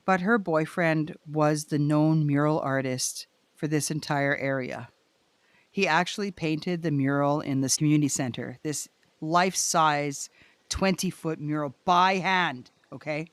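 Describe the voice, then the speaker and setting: A middle-aged woman telling her story as a podcast guest, expressive and excitable, cursing freely. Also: low-pitched, a little slow, no room sound. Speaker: guest, muralist. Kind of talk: casual storytelling.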